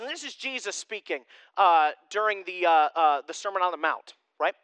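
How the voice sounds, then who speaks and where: Bright-voiced pastor man preaching. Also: sits high, animated, normal speed, clean tone, no room sound. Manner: conversational, self-deprecating humor. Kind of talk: sermon.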